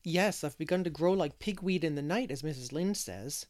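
A man's voice: on the high side, moderate pace, a little mellow, natural voice. A man doing an earnest young boy. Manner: earnest, sighing.

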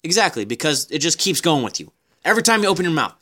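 Casual podcast co-host, man, playful needling, lively swinging pitch. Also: fast. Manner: teasing, mock-indignant ribbing.

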